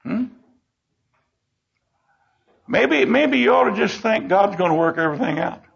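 A man's voice: high voice, expressive, unhurried, creaky, breathy edge. An older man teaching a Bible lesson in a folksy, emotional way, acting out the scenes as he goes. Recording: dull lo-fi recording.

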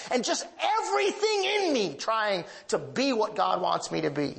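Higher-voiced man preaching a fervent sermon. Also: huge pitch swings, moderate pace, creaky, hardly any pauses, a bit bright. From northern United States. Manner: emphatic, with sweeping pitch rises; confessional, anecdotal storytelling. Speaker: pastor.

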